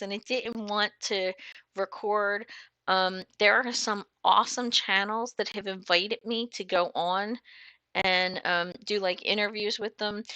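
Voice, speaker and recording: A middle-aged woman trucker talks loosely through a live chat, answering viewers with laughs and lots of fillers. Her voice is bright and forward, recorded close with almost no room sound. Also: mid-range voice, dry recording. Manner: chatty and bubbly, frequent laughs and fillers. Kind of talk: casual livestream chat reading comments.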